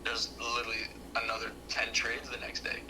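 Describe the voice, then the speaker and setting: Flat-voiced slangy young man, noisy line. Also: mid-range voice, brisk. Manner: slangy, swears, "like" fillers. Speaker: guest trader on stream. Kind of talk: casual chat. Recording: clear background noise.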